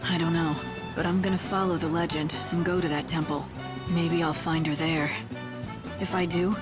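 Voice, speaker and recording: An actress as a calm, earnest young heroine. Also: female voice, on the low side, lightly acted. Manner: calm, measured, soft-spoken. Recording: game audio over clear music.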